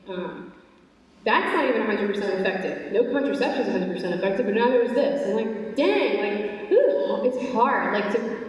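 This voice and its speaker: Earnest young woman in an echoing hall. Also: medium pitch. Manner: earnest, animated storytelling with many fillers. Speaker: speaker giving a faith talk. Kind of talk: faith talk to a live audience. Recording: echoey hall, voice from far off.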